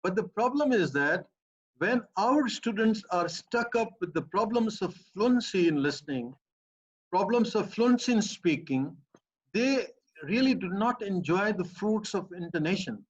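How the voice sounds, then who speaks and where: A man's voice: sits high, animated, measured pace, husky. A man with a Pakistani English accent, a professor explaining a point emphatically and piling up repeated phrases. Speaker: professor answering a student's questions. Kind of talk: explanatory academic talk. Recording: muffled lo-fi recording.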